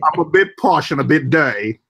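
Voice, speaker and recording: A man's voice: medium pitch, animated, moderate pace, fairly bright tone. A man hosting a casual group livestream chat. He laughs easily and trails off and restarts mid-sentence. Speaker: livestream host.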